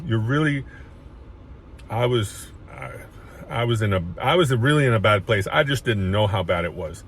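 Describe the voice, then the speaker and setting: A man with a fairly low voice tells his life story in a loose, rambling way, circling back and restarting sentences as feeling creeps in. A faint hiss of background noise sits under the recording. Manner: rambling, many restarts, emotional at times. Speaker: chiropractor sharing his story. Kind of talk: casual personal storytelling.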